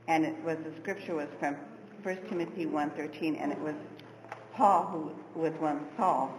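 A woman with a fairly low voice tells a personal faith story in a heartfelt, earnest way. She sounds roomy and distant, as if in a hall with a long reverb. Steady background noise runs under her voice. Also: normal speed. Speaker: class member sharing testimony. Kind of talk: personal faith testimony in a Bible class.

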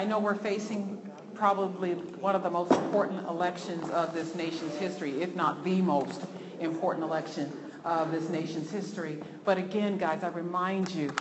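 A woman leading a church prayer group, gently steering the talk and repeating her points for emphasis. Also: on the low side, big-room sound, noisy background.

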